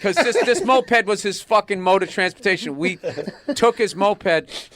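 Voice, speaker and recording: A high-pitched man tells a profane, excitable story in casual podcast talk. He jumps between details with loose, swearing energy. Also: measured pace. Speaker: comedian guest.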